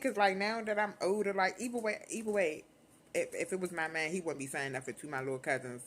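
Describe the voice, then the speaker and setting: A young adult woman vlogger telling a storytime in casual, slangy, profane talk, animated and unfiltered. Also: on the low side, fast, a little hiss or hum.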